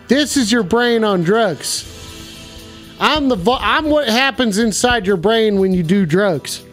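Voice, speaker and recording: A man hosting a mock call-in comedy show in a rowdy, profane cowboy persona who bursts into whooping shouts. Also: sits high. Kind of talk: improvised comedy bit.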